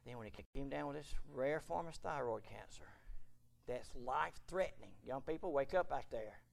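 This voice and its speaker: A middle-aged man preaching a fervent sermon in a church, swinging from quiet storytelling to loud shouting. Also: medium pitch, expressive, normal speed, gravelly. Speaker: pastor. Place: church sanctuary.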